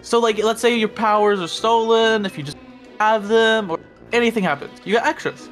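A man playing a scientist in a Minecraft role-play, calm, dry and teasing. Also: sits high, normal speed, soft background music.

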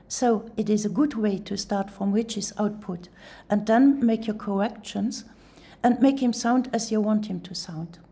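A woman presenting a software tutorial in voice-over, explaining each step calmly. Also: mid-range voice, unhurried. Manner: calm, step-by-step instructional.

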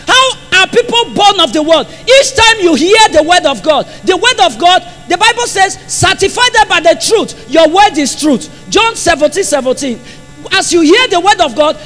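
A man's voice: very high voice, pushed and bright. A man with a Nigerian accent preaching a sermon in church, impassioned and repeating phrases for emphasis. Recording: long hall reverb.

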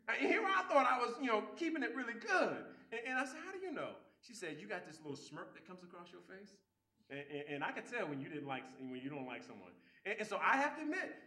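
A man leads a relationship seminar with a high, bright voice that swings widely in pitch. He acts out the people he quotes and often repeats his first words before a sentence gets going. The room around him is echoey. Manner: animated, repeats words when starting sentences. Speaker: seminar speaker. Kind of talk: lively seminar talk.

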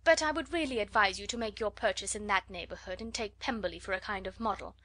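A haughty young society lady full of scorn, her sneers wrapped in polished, affected manners, as a woman reader puts her on. The voice sits at a middling pitch for a woman and carries the contempt in its phrasing. It is an audiobook reading. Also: fast, fairly bright tone, natural voice. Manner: scornful, mocking.

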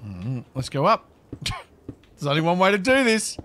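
A man talks his way through a video game in a bright, high voice that swoops wildly up and down. He takes his time, sounds flustered and chatty, and greets the creatures he meets. A faint hum of room noise sits under his voice. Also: wildly swooping pitch, a little slow. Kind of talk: casual gameplay commentary.

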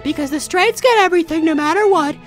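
A woman's voice: very high-pitched, quick pace, faint music behind. A woman doing dramatic comedic readings of online posts with exaggerated outrage. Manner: exaggerated, outraged, shifting loudness. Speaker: comedy reader.

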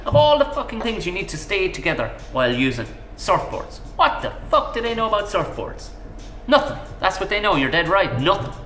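A man's voice: fairly high pitch, bright, forceful tone, reverberant. A man holding forth in a profane comic rant to a stranger at the pub. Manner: profane, ranting, conspiratorial. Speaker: pub regular in a comedy sketch.

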